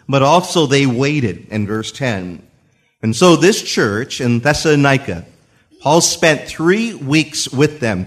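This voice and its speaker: An older man preaching a sermon in church, telling his own story in an animated way and acting out voices in the quotes. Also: mid-range voice. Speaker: pastor. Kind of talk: sermon with personal testimony.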